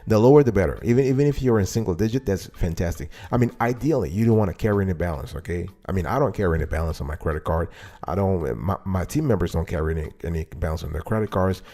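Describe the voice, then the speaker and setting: Man hosting his own show. Low, warm delivery, talks straight to his audience, repeats points for emphasis. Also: fast talker. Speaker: host. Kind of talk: casual talk-show monologue.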